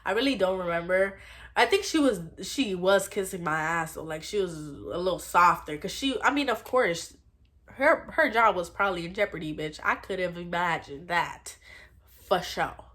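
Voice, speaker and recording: A woman's voice: fairly low pitch, animated, moderate pace, a bit bright. Blunt, profane young woman telling a story. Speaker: storytime vlogger. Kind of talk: casual storytime.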